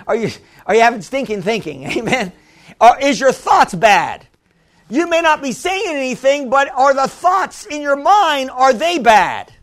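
A man preaching a sermon to a congregation, lively and humorous, laughing often and calling out "Amen?" to the room. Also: extremely high pitch, a little slow. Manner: laughs often, restarts phrases.

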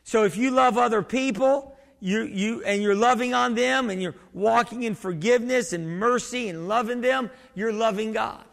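A male pastor delivers a chatty, rambling sermon, often breaking off to quiz his congregation. His voice sits high and has a gravelly edge. It carries a long reverb from the church hall around him. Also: normal speed, hardly any pauses, fairly bright tone. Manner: conversational preaching with many restarts and questions to the congregation. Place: church sanctuary.

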